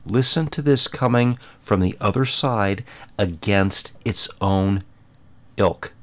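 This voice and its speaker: A man hosting a show, giving opinionated commentary in an emphatic, drawn-out, lecturing way. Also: lowish voice.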